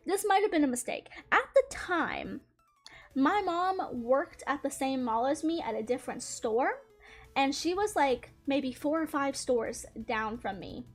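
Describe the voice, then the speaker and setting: A young woman with a high, light voice tells a long story as she draws, chatting casually and cursing freely. She laughs often as she goes, with soft music playing faintly underneath. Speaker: drawing channel host. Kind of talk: casual storytelling while drawing.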